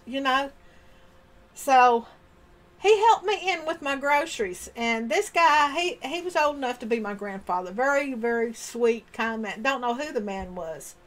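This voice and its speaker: A woman telling a story from her own life in an animated, expressive way, acting out the remembered dialogue. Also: high-pitched, normal speed. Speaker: storyteller sharing personal experience. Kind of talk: personal storytelling monologue.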